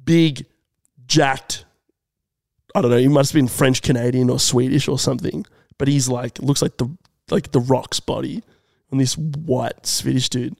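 A young man telling a comedic story on a podcast in an animated, drawn-out way. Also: medium pitch, gravelly, no room sound. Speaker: podcast co-host.

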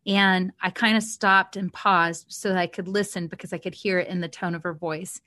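A woman's voice: lowish voice, steady tone, normal speed, bright, forceful tone, no room sound. A woman co-hosting a faith podcast, telling a personal story in an earnest, heartfelt way with small restarts, on a podcast mic. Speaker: podcast co-host.

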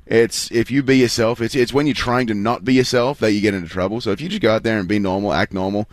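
Fast-talking Australian man, low voice. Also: steady tone, no room sound. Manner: rambling, many restarts and fillers. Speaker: guest athlete. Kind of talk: casual interview chat.

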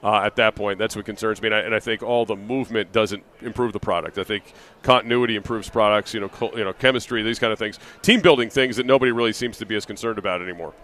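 A man's voice: fairly low pitch, steady tone, fast, a bit bright. A man hosting a live sports talk radio show from an arena, talking casually with plenty of fillers and restarts. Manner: conversational, rambling with fillers and restarts.

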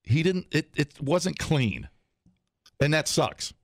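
A man's voice: on the high side, sing-song, dry recording, studio quality. A man co-hosting a morning radio show, rambling and joking in casual banter. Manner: rambling, halting, jokey. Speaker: radio co-host.

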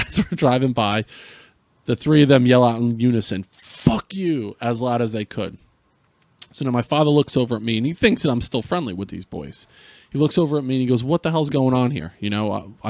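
A man's voice: medium pitch, darkish tone, no room sound. A middle-aged man from Central New Jersey, a podcast guest earnestly retelling a painful personal story with frequent restarts.

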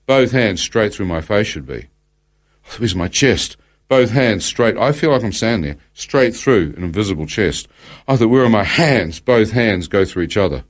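A man's voice: lowish voice, animated, normal speed. A man, telling a guest's testimony in conversation, acting out his own thoughts as dialogue and quoting scripture by verse.

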